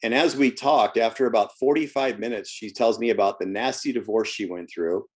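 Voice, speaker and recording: A man with a lowish voice talks casually in an interview about his coaching work. He tells stories about his clients and often stumbles and repeats words as he goes. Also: a little fast, breathy edge. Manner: storytelling, repeats words when restarting. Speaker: health coach guest.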